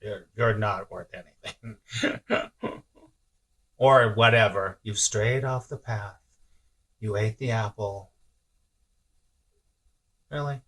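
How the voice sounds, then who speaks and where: Bright-voiced man, casual spiritual teacher. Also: fairly low pitch, slow, pauses often. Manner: casual, chuckles often, repeats himself. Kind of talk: live-stream talk reading viewer comments.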